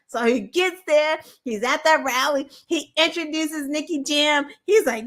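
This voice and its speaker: High, bright, animated woman ranting. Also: a little slow, few pauses. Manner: animated, incredulous, profane, laughing asides. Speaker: podcast host. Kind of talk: casual political commentary.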